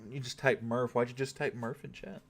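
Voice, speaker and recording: A man's voice: medium pitch, steady tone, brisk, gravelly, breathy edge. A young man streaming a mobile game, chatting casually with viewers and swearing now and then. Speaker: gaming livestreamer. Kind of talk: casual live-stream chat.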